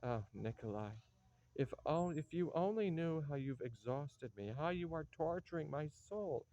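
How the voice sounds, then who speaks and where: A man's voice: on the high side, animated, normal speed, warm tone, no room sound. A man voicing a young woman who is the hero's pleading, exhausted fiancée, in a play reading. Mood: anguished. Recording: dull lo-fi dry recording.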